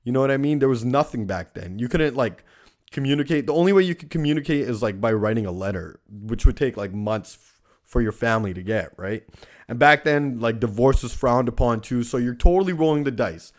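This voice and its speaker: A young man with a middle-pitched voice rants through a casual monologue. He swears constantly and leans on "like" as a filler, with a loose, profane delivery. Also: animated, brisk. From Canada. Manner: profane ranting, heavy use of "like". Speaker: podcast host.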